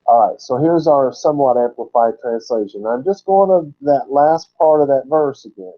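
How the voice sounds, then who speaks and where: A man giving sermon-style Bible teaching at a mid pitch, unpacking word roots and repeating terms slowly for emphasis. The recording sounds dull and lo-fi.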